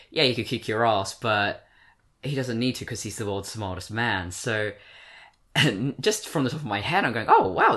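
A man's voice: lowish voice, fairly bright tone. Rambling young Englishman chatting casually. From born in Britain, raised in Australia. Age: 20s. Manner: rambling, self-correcting, frequent fillers. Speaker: podcast co-host. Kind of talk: casual discussion.

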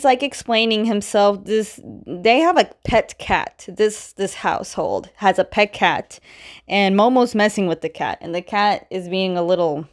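Chatty young woman recapping a cartoon. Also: medium pitch. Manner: chatty, lots of "like", acts out quotes. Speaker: episode recap host. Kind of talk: casual recap narration.

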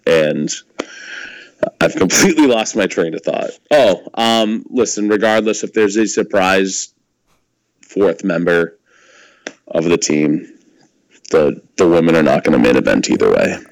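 A man's voice: low voice, lively intonation, measured pace, creaky, long pauses, no echo, rough recording. A man co-hosting a podcast, rambling and laughing a lot as he swears his way through casual wrestling chat. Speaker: podcast co-host.

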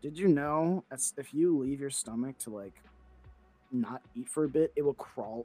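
A man's voice: mid-range voice, normal speed, dark tone, breathy edge, no echo, soft background music. A man co-hosting a casual nerd-news podcast, rambling, laughing and trailing off mid-sentence. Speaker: podcast co-host. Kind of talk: casual chat.

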